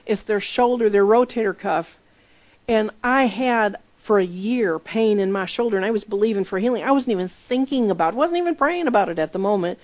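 A woman's voice: lively intonation, fairly quick, few pauses, a little mellow. Woman preaching, guided visualization. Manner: leads guided visualization, acts out quoted voices with rising pitch. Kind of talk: sermon. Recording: dull lo-fi recording.

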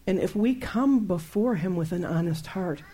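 A middle-aged woman teaching about faith in a chatty, animated way, laughing often and acting out her own outbursts. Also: on the low side, normal speed, husky. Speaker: Christian teacher. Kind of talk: conversational Bible teaching.

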